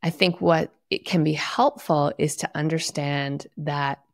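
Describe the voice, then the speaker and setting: A woman with a very low, gravelly voice talks in an earnest, reflective way. She sometimes sinks to a near whisper. The sound is dry and close. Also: steady tone, measured pace, no echo. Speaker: guest, wellness author. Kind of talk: casual conversation.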